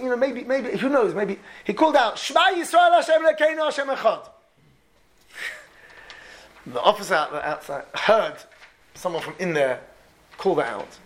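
A man preaching, retelling a true story and acting out its people with lively, repeating speech. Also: high voice. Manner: animated, repeats words, voices the people in the story. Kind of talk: storytelling sermon.

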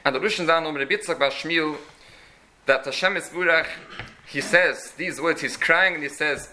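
A man's voice: on the high side, normal speed, sharp tone, a little hiss or hum, poor audio. A man teaching a religious lecture in an earnest, explanatory way, often restarting his phrases. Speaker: Torah teacher.

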